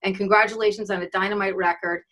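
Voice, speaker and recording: A woman's voice: medium pitch, steady tone, quick pace, fairly bright tone. A woman radio host gushing affectionately in a casual interview over a video call.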